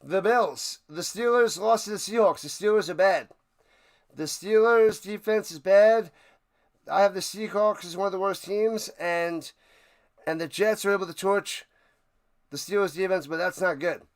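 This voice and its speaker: A man hosting a live stream, giving play-by-play commentary and chatting with viewers, erupting into loud excitement on big plays. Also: sits high, normal speed. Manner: chatty, answers viewers' questions. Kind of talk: play-by-play commentary with chat banter.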